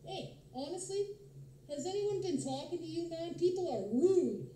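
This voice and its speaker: A man's voice: extremely high pitch, expressive, normal speed, warm tone, slight background noise. A man voicing a crude, lonely, self-admiring male creature with razor teeth, taunting strangers in an improvised comedy video chat. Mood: muttering.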